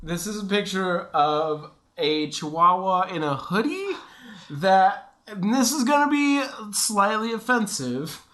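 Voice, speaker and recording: A man's voice: high-pitched, lively intonation, a little slow, fairly bright tone. A young man co-hosting a podcast, chatting casually in a rambling, self-mocking way and laughing often. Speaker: podcast co-host. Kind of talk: casual chat.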